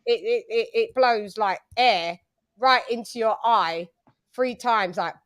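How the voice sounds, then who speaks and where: A woman chats casually as the host, animated and full of anecdotes. Her voice sits a little high. She keeps slipping into quoted voices as she tells each story. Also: takes it slowly. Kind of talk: casual chat.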